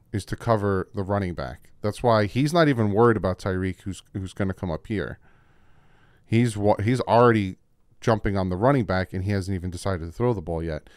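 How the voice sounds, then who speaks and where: A man hosting a casual football film breakdown at a desk microphone, emphatic and repetitive, his voice jumping up when he gets excited. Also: lowish voice, smooth, no echo, studio quality. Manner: emphatic, repeats points, voice jumps when excited. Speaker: football film-study host.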